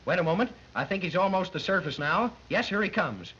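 A man's voice: high-pitched, lively intonation, fairly quick, sharp tone. A man acting as straight man and announcer in a 1930s radio comedy, mock-dramatic and chuckling. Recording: muffled old film soundtrack with hiss.

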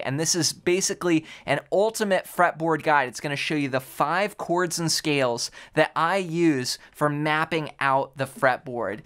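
A man's voice: on the high side, a bit bright, smooth. Man teaching a guitar lesson. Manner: counting rhythms aloud while playing. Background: guitar playing.

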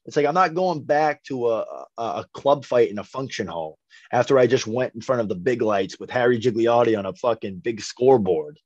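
A man's voice: medium pitch, a little fast, a little mellow, no echo. A young man, a boxer telling a rambling, profane story in a casual podcast interview. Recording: dry, slightly dull podcast audio.

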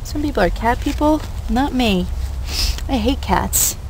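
Bubbly high-voiced young woman, played by an actress. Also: lively intonation, a little slow, darkish tone, slight background noise, low-quality recording. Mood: chatty. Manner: bubbly, chatty and playful. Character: cheerful young woman with doglike habits. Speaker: actor in a short film.

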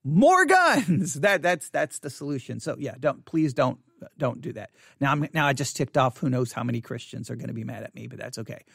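A man's voice: mid-range voice, fairly even intonation, fast talker, creaky, breathy edge, no echo, studio quality. A middle-aged American man, a pastor hosting a podcast, giving blunt and exasperated commentary on a listener's email. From United States.

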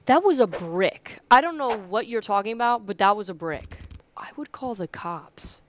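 A woman's voice: medium pitch, animated, normal speed, slight background noise. Jumpy, swearing young woman gamer. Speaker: gaming YouTuber. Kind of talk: horror let's play commentary. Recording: dull lo-fi audio.

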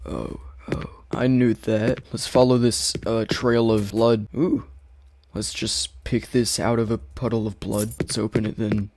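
A man's voice: fairly low pitch, level tone, unhurried, background noise. Jumpy man yelping through a horror game. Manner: jumpy, rambling, yelps and repeats himself when startled. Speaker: gaming YouTuber.

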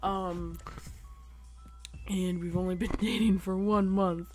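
A teenage boy telling a personal story to camera, halting and rambling with lots of fillers. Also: high voice, little pitch movement, a little mellow, faint music behind. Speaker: vlogger.

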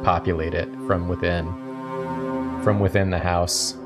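A man co-hosting a casual gaming stream, playful, his voice jumping up when excited. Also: deep voice, normal speed. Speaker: streamer co-host. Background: music.

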